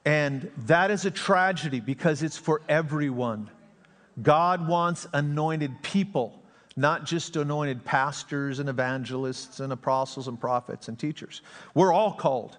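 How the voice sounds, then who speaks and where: A man's voice: fairly high pitch, a little slow, fairly bright tone. A middle-aged male pastor preaching a sermon in a church sanctuary, conversational, joking and self-deprecating. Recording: long reverb of a church sanctuary.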